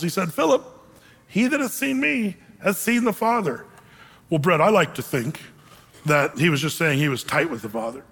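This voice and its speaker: High-voiced preaching man in a big hall. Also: a bit bright. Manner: emphatic, conversational preaching with acted-out quotes. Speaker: pastor. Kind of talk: sermon.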